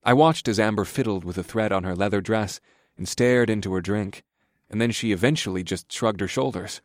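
A man narrating a first-person romance audiobook in a steady, low-key way. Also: brisk, no echo, studio quality.

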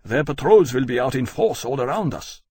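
A man voicing a weary, grave general in an audiobook, husky, with a heavy, strained delivery. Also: mid-range voice, animated, normal speed, warm tone, dry recording, voice pushed up. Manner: heavy and strained, near breaking. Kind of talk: audiobook character voice.

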